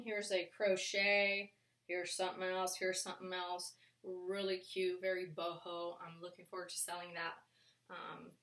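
Woman reseller, unhurried and rambling, crisp bright tone, recorded from a little way off in a roomy space. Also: lowish voice. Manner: chatty and rambling, with many fillers. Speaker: clothing reseller showing a thrift haul. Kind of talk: casual vlog chat. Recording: echoey room, mic at a distance.

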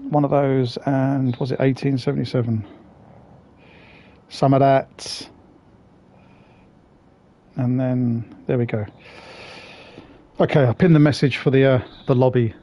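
A man's voice: medium pitch, fairly even intonation, a little slow, pauses often, dark tone. A man streaming a game, chatting casually with viewers, swearing and greeting them by name. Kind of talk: casual live-stream chat.

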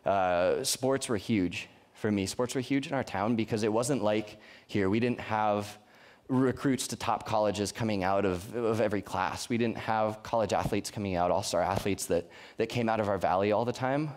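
A man's voice: lowish voice, moderate pace. Earnest young man preaching to a youth group. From Colorado. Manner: earnest, conversational preaching with frequent restarts. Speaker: youth pastor. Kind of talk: sermon. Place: church youth service.

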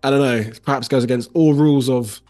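A man's voice: mid-range voice, fairly even intonation, fairly quick, darkish tone, faint music behind. A man with a London accent hosting a live stream, encouraging his guest and reading out viewer comments. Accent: London English. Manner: upbeat, encouraging, reads out chat. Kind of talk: live-stream co-host chat.

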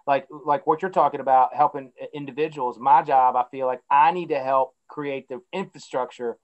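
A man answering as a guest in a casual interview, speaking at a middle pitch. He explains his ideas steadily and with a sense of purpose. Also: steady tone, normal speed, muffled recording. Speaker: guest, company CEO.

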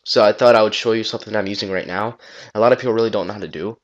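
A man talking through a casual software tutorial on a gaming headset, rambling loosely and swearing now and then. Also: on the low side, steady tone, racing, highs cut off. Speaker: tutorial maker.

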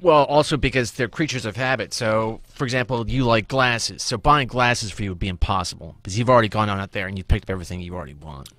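A man co-hosting a casual talk show who gives reasonable, gently teasing replies. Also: lowish voice, quick pace, few pauses, no room sound. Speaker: co-host. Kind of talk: casual podcast chat.

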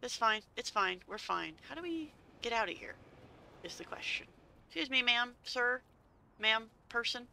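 A woman's voice: fairly high pitch, animated, moderate pace, gravelly, bright, forceful tone, a little hiss or hum. A woman playfully commenting on a game as she plays, seated and chatting to herself. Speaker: gaming channel host. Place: seated at home.

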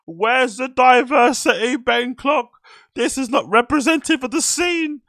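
Give me a man putting on a shrill, outraged social media voice, much higher and louder than normal. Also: measured pace, no echo, studio quality, full character voice. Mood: mock outrage. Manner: mocking, indignant shrillness.

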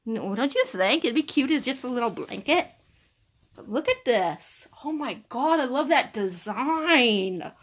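A young woman unboxing a book subscription box in casual chat, gushing and excitable. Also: fairly high pitch, measured pace. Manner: gushing, excitable, repeats "oh my gosh".

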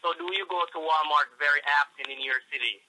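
A man's voice: fairly high pitch, fast, bright, forceful tone. A man with a Jamaican accent on a phone call, swearing and making threats in a ranting manner. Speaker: phone scammer.

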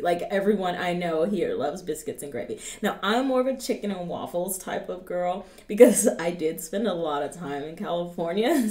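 Southern woman, reaction vlogger, animated and chatty, echoey room. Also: fairly low pitch. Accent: Southern American. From American South. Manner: chatty, laughs often, addresses viewers directly. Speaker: reaction YouTuber. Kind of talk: casual reaction vlog.

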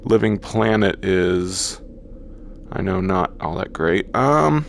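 A man commenting on a virtual reality game as he plays it, talking slowly and haltingly and gushing over the sights. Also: deep voice, animated, creaky, a little hiss or hum. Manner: slow, halting, awestruck. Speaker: gaming YouTuber. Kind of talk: VR gameplay commentary.

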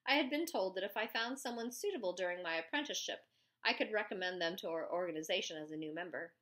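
A woman narrating a first-person story as an audiobook, with lively storytelling. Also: fairly low pitch, fast.

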